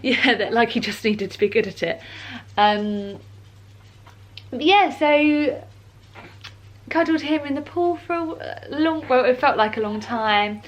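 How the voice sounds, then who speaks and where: A British woman talks through a personal story to camera in a relaxed, rambling vlog style, full of ums and likes. Her voice sits somewhat high, and she sounds heartfelt and a little teary. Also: measured pace. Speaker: mother vlogger telling her birth story. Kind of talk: casual chatty vlog.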